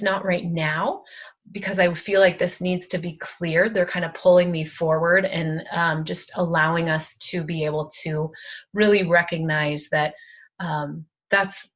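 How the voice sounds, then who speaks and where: A woman spiritual advisor leading a group energy-healing session over a video call, speaking softly with emotional, halting phrasing and many fillers. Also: fairly low pitch, dull audio.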